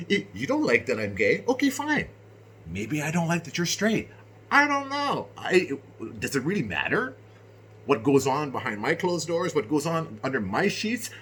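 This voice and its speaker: A middle-aged man from Canada rants straight to camera, his pitch leaping about with lively swings. He drops into low, thoughtful murmurs, then climbs into loud, exasperated indignation. A faint hiss of background noise sits under his voice. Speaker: vlogger. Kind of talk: unscripted rant to camera.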